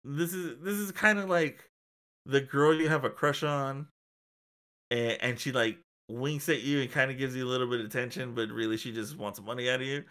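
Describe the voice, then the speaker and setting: A man ranting in casual podcast chat, animated and full of swearing. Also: medium pitch, moderate pace, smooth. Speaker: podcast co-host.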